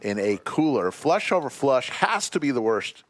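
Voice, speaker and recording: A man commentating a live poker stream, chatting and reading out viewer shout-outs. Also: medium pitch, very animated, normal speed.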